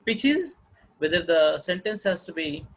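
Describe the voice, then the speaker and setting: A man giving a phonology lecture, halting often with fillers and repeating phrases. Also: a little high, very animated, fairly bright tone, rough recording.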